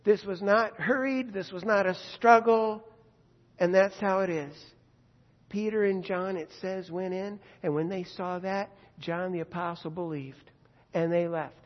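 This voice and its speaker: A male preacher retells a scripture story as a conversational sermon, adding vivid asides and rhetorical questions. His voice is high with fairly even intonation and an unhurried pace, recorded dull and lo-fi in an echoey hall.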